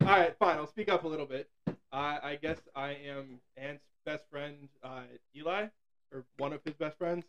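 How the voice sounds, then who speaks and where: A man joining a home podcast as a guest, easygoing and a little hesitant at first. His voice sits slightly high, and he talks into a boom mic. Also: moderate pace, a bit bright, lo-fi sound, slight background noise. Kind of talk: casual podcast banter.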